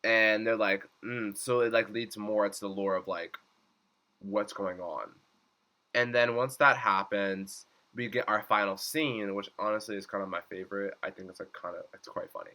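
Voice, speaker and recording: A man's voice: fairly low pitch, steady tone, normal speed, sharp tone. A young man giving a casual episode recap, chatty, leaning on "like" and acting out lines in swooping voices. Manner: chatty, says "like" constantly, acts out quotes in swooping voices. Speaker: reaction vlogger.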